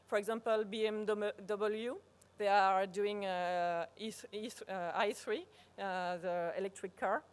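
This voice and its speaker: A woman with a French accent, a native French speaker, giving a live workshop presentation, pausing often to search for words and restarting phrases. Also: mid-range voice, fairly even intonation, clean tone. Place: conference workshop room.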